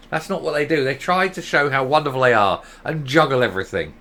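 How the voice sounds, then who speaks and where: A man delivers an opinionated political vlog with sarcasm and exasperation, breaking into mocking asides. His pitch moves a lot, and his tone is bright and forceful. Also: lively intonation, fairly quick, hardly any pauses. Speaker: political commentator.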